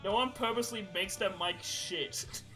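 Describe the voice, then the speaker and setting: A man's voice: high voice, moderate pace, loud music behind the voice, rough recording. A man co-hosting a podcast, telling stories in a casual, rambling way with lots of swearing. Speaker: podcast co-host. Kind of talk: casual chat.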